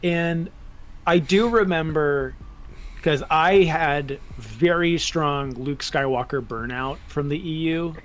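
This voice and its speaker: A man co-hosting a podcast, telling his views in an animated, chatty way during a casual fan chat. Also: a little high, slow pace. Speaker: podcast co-host.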